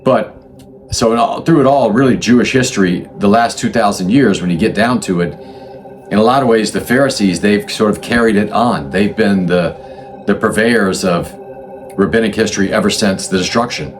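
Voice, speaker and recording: Low-voiced man explaining history off the cuff. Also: moderate pace, soft background music. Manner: conversational, thinks aloud with restarts and self-corrections. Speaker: channel host explaining religious history. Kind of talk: unscripted explanatory talk.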